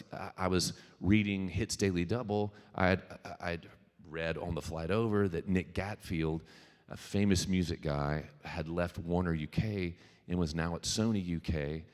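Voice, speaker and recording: A singer-songwriter from Louisiana, in the US South, gives a conversational keynote as the featured speaker at a venue with a live audience, joking, going off on tangents, talking to the crowd, and swearing freely. His voice is deep and a little mellow, carrying long hall reverb from the venue PA.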